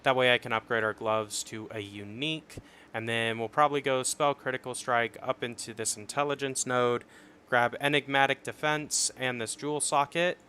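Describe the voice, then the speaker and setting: A young man casually explaining his game build on a livestream, swearing and getting excited once the fights start. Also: medium pitch, normal speed, a little hiss or hum. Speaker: streamer. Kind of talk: casual gameplay commentary.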